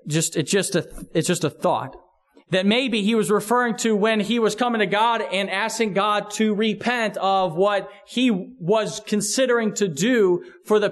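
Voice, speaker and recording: Brief: male pastor, high voice, earnest conversational sermon. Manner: earnest, conversational preaching with restarts.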